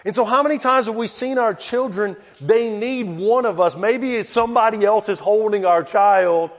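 Pastor, male, high-pitched, unhurried sermon delivery that trails off low at phrase ends, recorded in a reverberant church hall. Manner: slow, deliberate reading with a dropping voice at phrase ends. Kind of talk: sermon with scripture reading.

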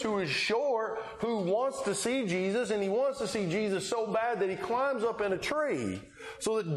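High-voiced man preaching a sermon. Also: reverberant. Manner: storytelling, acting out the Bible scenes in quoted voices.

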